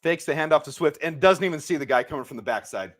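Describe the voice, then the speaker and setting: Fairly high-pitched, expressive, and quick, this man hosts a live watch party for a game. He rants in agitation as he calls the action play by play, yelling at the referees out of anger.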